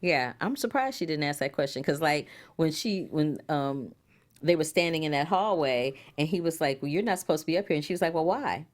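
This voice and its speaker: A woman co-hosting a casual talk show, chatting in an animated, expressive way with playful reactions. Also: sits low, fairly quick. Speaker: co-host. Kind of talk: casual chat.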